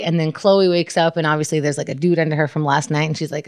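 A woman's voice: sits low, steady tone, fast talker, hardly any pauses, darkish tone, no echo, studio quality. Giggly woman gushing in casual chat. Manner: giggly, enthusiastic fan gushing.

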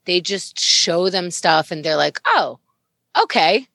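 A woman with a fairly low voice who chats casually and hesitantly, often stopping to restart. The recording is close and dry. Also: fairly even intonation, a little slow, gravelly, pushed and bright, dry recording. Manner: hesitant, lots of fillers and restarts. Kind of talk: casual chat.

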